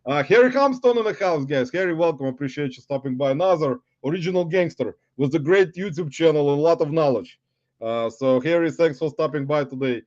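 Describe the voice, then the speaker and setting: A man's voice: fairly high pitch, lively intonation, a little fast, darkish tone, no room sound. A man hosting a casual livestream interview, greeting viewers and addressing them as guys. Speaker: livestream host. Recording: dull dry audio.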